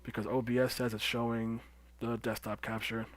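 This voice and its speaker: A young man explaining game footage in casual chat, calm and teasing. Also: mid-range voice, moderate pace. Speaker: streamer showing footage.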